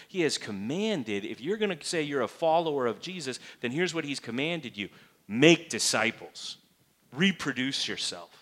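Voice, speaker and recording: Male pastor, slightly high voice, emphatic sermon delivery, lots of rhetorical questions. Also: fairly bright tone. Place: church.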